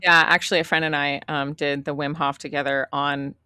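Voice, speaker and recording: A woman's voice: sits low, little pitch movement, a little fast, sharp tone, smooth, no room sound, studio quality. A young American woman co-hosting a podcast, chatting casually with lots of laughter and rambling stories. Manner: giggly, rambling storyteller. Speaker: podcast co-host. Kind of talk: casual chat.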